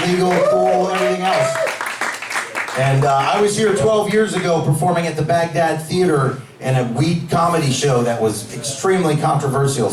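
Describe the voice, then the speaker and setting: A man performing a stand-up comedy set in a club, brash, profane and energetic. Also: a little high. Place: cannabis club stage. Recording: echoey club from far off, crowd.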